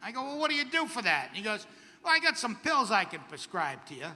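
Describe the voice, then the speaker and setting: Wry middle-aged comedian, high bright voice. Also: male voice, huge pitch swings, quick pace, long reverb tail. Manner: wry, self-deprecating, punchy delivery. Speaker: stand-up comedian. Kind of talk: stand-up comedy set. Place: outdoor comedy stage at a camp festival.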